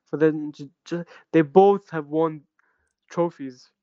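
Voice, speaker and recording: A man co-hosting a podcast, talking football in a blunt, animated way and calling his co-host bro. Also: fairly high pitch, slow pace, smooth, no room sound, muffled recording. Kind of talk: casual football chat.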